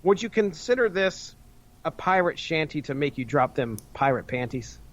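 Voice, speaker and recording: A man's voice: on the high side, big pitch swings, normal speed, highs cut off. A man co-hosting a podcast, chatting casually about an album and making jokes and puns. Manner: joking, punning, giggly. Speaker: podcast co-host. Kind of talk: casual album review chat.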